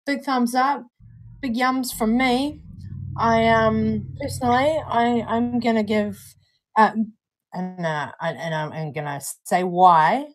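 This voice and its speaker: Kiwi woman chatting casually on a live stream, unhurried, loose and relaxed. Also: fairly high pitch, low-quality recording. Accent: New Zealand. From New Zealand. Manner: chatty and easygoing, swears casually. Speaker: co-host reviewing vape juice.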